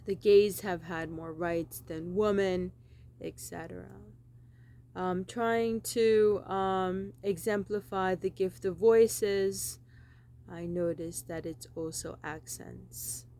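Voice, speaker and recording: Woman, low-pitched, gravelly fry, rambling vlog monologue, repetitive, emphatic. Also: steady tone, takes it slowly, mellow. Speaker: vlogger.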